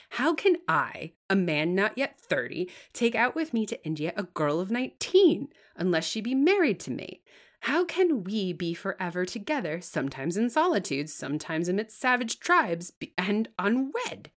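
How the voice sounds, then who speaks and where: A woman's voice: mid-range voice, sing-song, normal speed, voice pushed up, natural voice. A woman voicing a stern, severe young male clergyman who speaks in an insistent, commanding way in an audiobook reading.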